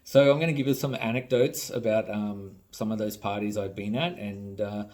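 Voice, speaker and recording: A fairly low-voiced Australian man rambles through a casual vlog rant. He is blunt, sarcastic and profane, and he sounds worn out after a day at work. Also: fairly even intonation, normal speed, few pauses, a little mellow. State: tired. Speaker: toy maker and vlogger. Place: home.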